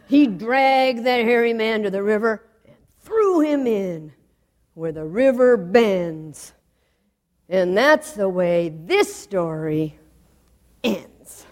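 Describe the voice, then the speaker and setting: A woman telling a folktale in an expressive, rhythmic way with sound effects. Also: a little high, a little slow. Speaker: storyteller. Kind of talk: folktale storytelling.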